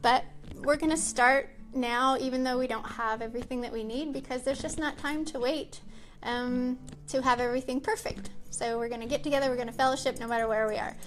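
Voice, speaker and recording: A woman's voice: high-pitched, fairly even intonation, fairly quick, soft background music. A woman hosting her own show from a small library room, talking casually and cheerfully with lots of ums and likes. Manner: chatty and upbeat with frequent ums and likes. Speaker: show host. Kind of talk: casual chat to a live-stream audience.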